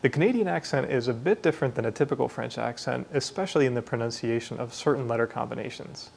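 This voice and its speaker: A man at an ordinary mid pitch walks learners through a language lesson. He explains clearly and models each pronunciation carefully. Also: quick pace, a little mellow. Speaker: language teacher. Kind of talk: scripted lesson narration.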